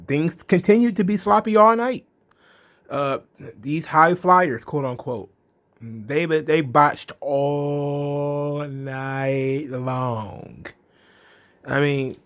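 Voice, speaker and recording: A man hosting his own commentary show, talking casually with blunt, sarcastic and profane remarks. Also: medium pitch. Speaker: host of a wrestling commentary show.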